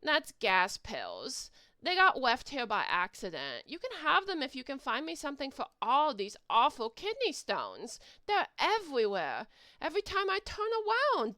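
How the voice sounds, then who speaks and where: A woman voicing a small, slimy, cranky creature that complains and shouts, reading a webcomic aloud. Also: medium pitch, clear, resonant tone, dry recording, studio quality, full character voice.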